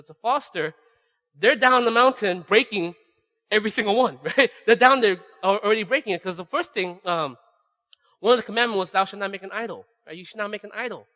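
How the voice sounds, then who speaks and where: A man preaching a sermon in a casual, conversational way, often checking in with "right?" and acting out voices in a lower tone. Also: fairly bright tone, big-room sound. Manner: acts out voices of God and his wife in a lowered voice. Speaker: pastor. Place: church sanctuary.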